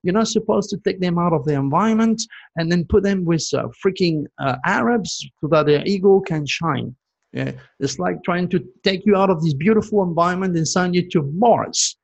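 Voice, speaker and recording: Gravelly, husky man ranting to camera. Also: high voice, normal speed, lo-fi sound. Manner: emphatic and preachy, keeps asking "okay?". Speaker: astrologer hosting his own channel. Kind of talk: ranting solo monologue to viewers.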